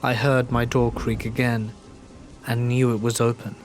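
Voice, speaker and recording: A man calmly narrating true horror stories in a steady, scripted reading. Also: medium pitch, normal speed, faint music behind.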